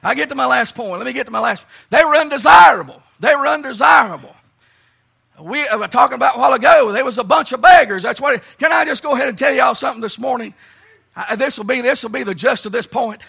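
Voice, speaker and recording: Man preaching at a camp meeting, high and gravelly, bright and husky, hollering. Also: quick pace. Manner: hoarse, strained, folksy preaching with many "uh"s. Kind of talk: shouted camp-meeting sermon. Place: large church or camp meeting, live congregation.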